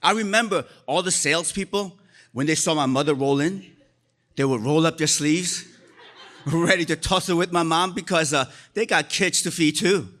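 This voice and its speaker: A man's voice: fairly high pitch, moderate pace, fairly bright tone. A man in his forties, born in Korea with Korean as his first language, telling a personal story on stage at a live story slam with dry, self-deprecating humor.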